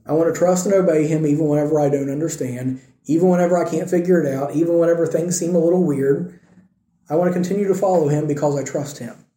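A man's voice: a little high, quick pace, mellow. A man preaching a conversational sermon, retelling a story and asking his listeners questions. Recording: echoey room.

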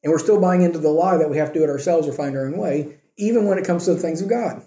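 A man's voice: fairly high pitch, quick pace, mellow. A pastor preaching a sermon in a conversational way, often asking his listeners rhetorical questions. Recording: roomy echo.

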